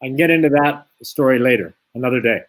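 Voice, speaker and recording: Here the former boxer talks quickly in a mid-range voice, a guest in an interview working through a long boxing story. He acts out both speakers in each exchange with energetic, anecdotal flair.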